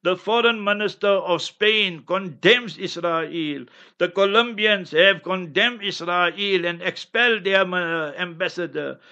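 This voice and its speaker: A man's voice: sits high, pushed and bright, highs cut off. A man, an Islamic scholar answering listener questions on a radio podcast in an emphatic, scolding, preacher-like way.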